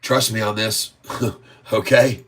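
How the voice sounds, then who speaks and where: A man hosting a live stock-market stream, excitedly calling price moves, drawing out sing-song chart calls and repeatedly addressing viewers as folks. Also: lowish voice, takes it slowly. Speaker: stock market channel host.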